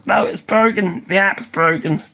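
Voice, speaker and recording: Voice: mid-range voice, a little slow, bright, forceful tone, soft background music, low-quality recording. An older speaker chatting casually on a live stream, tired and losing their voice, swearing freely and laughing often.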